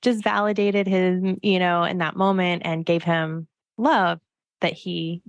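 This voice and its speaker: A woman's voice: lowish voice, steady tone, unhurried, no room sound, highs cut off. A woman hosting a podcast, telling personal stories in a chatty way and laughing often. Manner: chatty storytelling with frequent laughs and backchannels. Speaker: podcast host. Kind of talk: casual podcast chat.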